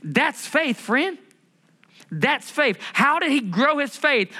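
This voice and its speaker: A man preaching a sermon as pastor of a church, in a lively conversational way with humor and rhetorical questions. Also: very high voice, slow. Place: church building.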